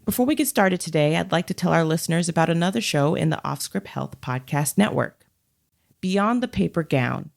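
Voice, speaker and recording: A woman producer reading a scripted promo for another podcast, measured and emphatic. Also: on the low side, lively intonation, vocal fry.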